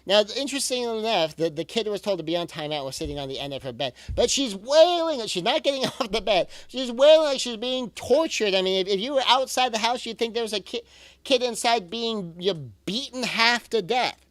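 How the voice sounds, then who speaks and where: A man's voice: high-pitched, animated, brisk, fairly bright tone, no room sound. A man giving a recorded parenting talk in an earnest, reassuring way, often repeating key phrases for emphasis. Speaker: parenting coach.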